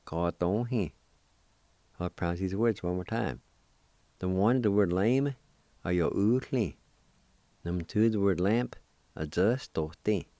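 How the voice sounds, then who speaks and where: Male radio host teaching vocabulary, low and unhurried, dark dry close-mic voice, repeats each word carefully. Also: dry recording. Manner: spells and repeats words syllable by syllable. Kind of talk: slow spelled-out word lesson.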